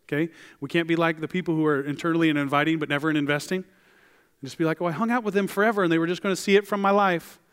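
A man preaching a sermon as a pastor, animated and acting out the voices of the people in the story. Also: fairly high pitch, quick pace, smooth, in a large hall. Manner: animated, acts out voices of biblical figures. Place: church.

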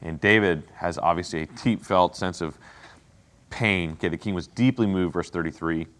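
A man's voice: low-pitched, normal speed, fairly bright tone. A man leading a Bible study, explaining the passage in a casual, conversational way and often checking in with "okay?" and "right?". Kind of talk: casual teaching with commentary.

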